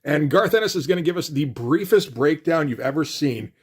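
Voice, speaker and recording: A man's voice: on the high side, animated, brisk, slightly rough. A man casually recapping a comic book issue, retelling scenes and quoting the characters in a loose, conversational way.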